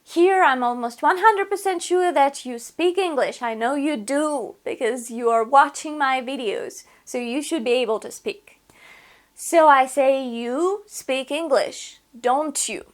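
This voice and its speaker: Woman teacher, high voice, online lesson, patient step-by-step explainer. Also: a little slow. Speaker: language teacher.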